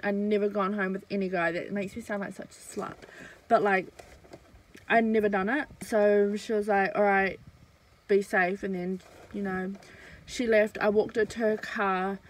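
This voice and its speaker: A woman's voice: mid-range voice, poor audio. Chatty young New woman. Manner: casual chatty storytelling while eating, many fillers. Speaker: vlogger. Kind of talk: storytime mukbang vlog.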